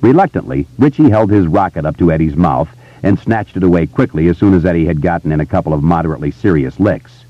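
A man narrating an audiobook in a measured, tense storytelling manner. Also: deep voice, expressive, no room sound, lo-fi sound. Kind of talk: scripted narration.

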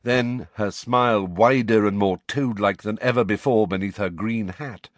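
A man narrating a novel with expressive, dramatic delivery. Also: lowish voice, normal speed, dry recording. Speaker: audiobook narrator.

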